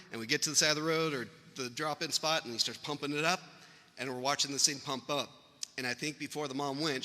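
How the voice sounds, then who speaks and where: Eulogy read: man, very bright tone, rambling and anecdotal, long hall reverb. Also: a little high. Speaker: family member giving a eulogy. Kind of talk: funeral eulogy storytelling. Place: funeral venue hall.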